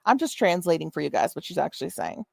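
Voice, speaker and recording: A woman's voice: lowish voice, sing-song, fast, vocal fry, dry recording. Snarky sweary woman reacting on stream, voice jumps all over, dry close mic. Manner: mocking, profane, sarcastic. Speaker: commentary streamer. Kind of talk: sarcastic reaction commentary.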